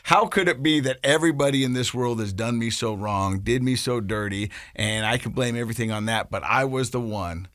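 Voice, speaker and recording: A man's voice: medium pitch, a little fast, hardly any pauses, fairly bright tone, dry recording, studio quality. Earnest male podcast host. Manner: earnest, reflective, speaks from his own recovery. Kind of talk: casual interview talk.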